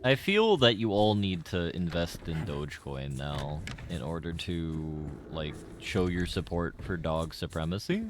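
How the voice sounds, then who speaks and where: A man's voice: low voice, expressive, measured pace, few pauses, soft background music. A man streaming a game, rambling and joking with his chat in casual commentary. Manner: rambling, jokey, talks to chat.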